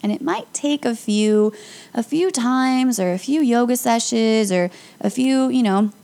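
A young woman, a yoga instructor and podcast host, talks listeners through calm breathing exercises in a casual, encouraging way. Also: fairly high pitch, unhurried, creaky. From Las Vegas area. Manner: calm, upbeat and encouraging, with light laughs.

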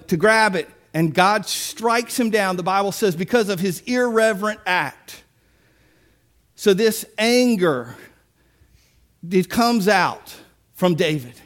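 A man's voice: high-pitched, a bit bright. A man preaching a sermon in a conversational way, acting out the people he describes. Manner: conversational preaching with mock-quoted voices and asides. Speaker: pastor.

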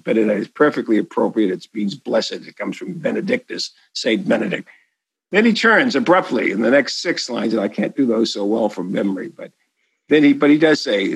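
Gravelly boston guy, an author rambling on eagerly in an interview, husky voice, dry sound. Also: mid-range voice, lively intonation, brisk, dry recording, low-quality recording. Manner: rambling, enthusiastic storytelling with asides and restarts. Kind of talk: interview answer.

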